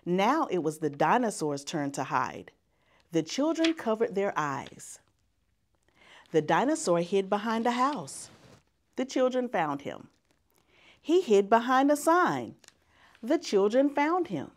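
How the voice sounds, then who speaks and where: A woman reading a children's picture book aloud as a guest reader, in an expressive storytelling manner. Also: mid-range voice, slow, long pauses.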